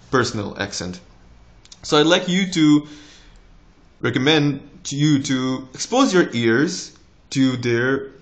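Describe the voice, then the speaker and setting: A young man in his twenties with a slight American tinge, a doctor giving relaxed, encouraging exam tips in a casual vlog. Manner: relaxed, encouraging, with lively rises in pitch.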